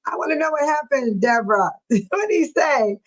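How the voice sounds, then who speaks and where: A woman talking loosely to her live-stream audience, her voice sitting a little high. She laughs often and slips into exaggerated impressions of other people. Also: animated, moderate pace, rough recording. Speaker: channel host. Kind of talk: casual live-stream chat.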